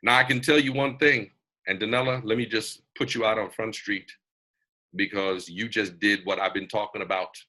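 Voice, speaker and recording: Animateur au parler du Sud américain, exubérant, familier et plein de digressions, voix brillante sur un micro d'ordinateur. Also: male voice, on the low side, normal speed. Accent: Southern US. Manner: animated, digressive, folksy, laughing. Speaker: host of a mentorship webcast. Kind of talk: motivational talk on a video call. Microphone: computer mic on a video call.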